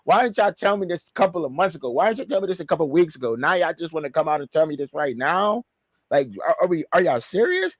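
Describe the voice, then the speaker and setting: A man co-hosting a college football talk show, worked up and full of slang, circling back over the same points. His voice sits a bit high. The sound is dry and close, with no room around it. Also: brisk, dry recording. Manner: animated, repeats himself, slangy. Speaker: show co-host, fan. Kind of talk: heated sports banter.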